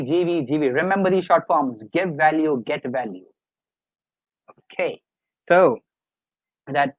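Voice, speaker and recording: Tinny high-voiced man coaching online. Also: no room sound. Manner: earnest, repetitive, coaxing the audience. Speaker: life coach presenting a webinar. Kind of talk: live webinar lecture. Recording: dry, tinny phone-like online call audio.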